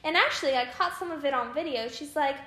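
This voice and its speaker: Young woman cohost telling a story, high bright voice, roomy echo. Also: fast. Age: young adult. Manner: animated storyteller. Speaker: podcast co-host. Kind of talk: casual storytelling chat.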